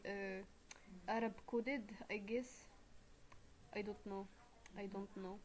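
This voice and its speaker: A woman's voice: fairly high pitch, slow pace, a little mellow, slight background noise. Chatty young woman streaming a game. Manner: rambling, chatty, self-mocking, lots of fillers. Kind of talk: live-stream commentary.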